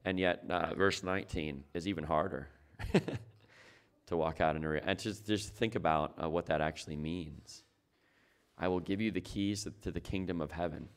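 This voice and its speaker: A man's voice: extremely low pitch, smooth. A man preaching a sermon as pastor, talking it through in a conversational way and asking his listeners rhetorical questions.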